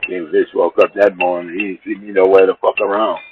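A man's voice: deep voice, a little fast. A man telling a long, rambling personal story in casual, profane speech, acting out the people in it. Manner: rambling, profane, animated retelling with quoted dialogue. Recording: dull lo-fi recording with faint noise.

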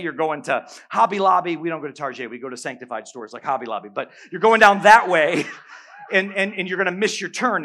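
A middle-aged male pastor preaching a sermon, telling a story with humor and animated bursts. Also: high-pitched.

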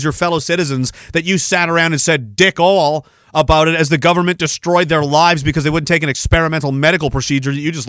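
A man's voice: a little high, fairly bright tone, dry recording. A man hosting a podcast, ranting about politics in a profane, sarcastic way. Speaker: podcast host.

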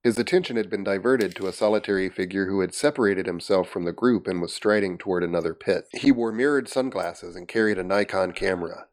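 A man's voice: sits low, a little fast, hardly any pauses. A man reading a horror novel aloud on a comedy podcast, breaking off to joke with friends. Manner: reads steadily, breaks off to laugh and comment. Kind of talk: reading aloud and casual banter.

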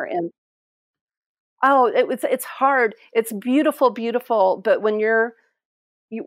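A middle-aged woman telling a personal story as an interview guest, heartfelt and halting, often restarting her sentences. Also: lowish voice, a little mellow, dry recording, studio quality. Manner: halting, heartfelt, many restarts and trailing phrases. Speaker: interview guest, end-of-life caregiver.

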